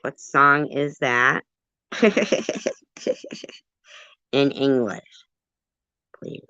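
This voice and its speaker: A woman's voice: rumbling low, expressive, slow pace, fairly bright tone, no echo, muffled recording. A woman hosting a casual livestream trivia chat, playful and giggly. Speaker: livestream host.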